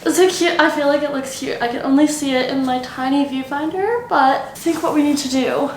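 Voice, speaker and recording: A woman's voice: sits high, brisk, a little hiss or hum. Bubbly young woman chatting while sewing. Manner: chatty, bubbly and self-talking while crafting. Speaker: sewing vlogger. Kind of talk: casual DIY vlog narration.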